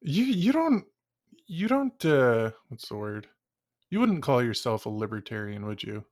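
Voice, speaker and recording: A man hosting a podcast in casual chat, pausing and searching for words. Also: mid-range voice, big pitch swings, a little mellow, dry recording, studio quality. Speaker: podcast host.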